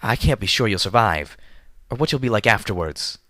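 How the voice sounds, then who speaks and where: A man's voice: fairly low pitch, animated, brisk, sharp tone, dry recording, clean studio sound, voice pushed up. A man voicing a timid young male unicorn magician who stammers anxiously. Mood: nervous.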